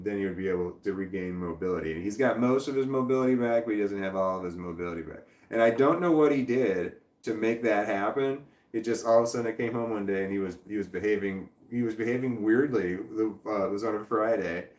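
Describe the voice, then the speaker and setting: A man's voice: lowish voice, echoey room. A man hosting a casual livestream, rambling and chuckling as he reads viewer comments aloud and trails off mid-thought. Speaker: livestream host.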